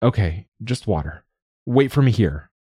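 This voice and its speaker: A man voicing a gentle, protective father who speaks softly and carries guilt. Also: fairly low pitch, expressive, a little slow, husky, dry recording, studio quality, voice pushed up. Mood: gently urgent. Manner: gentle and hushed.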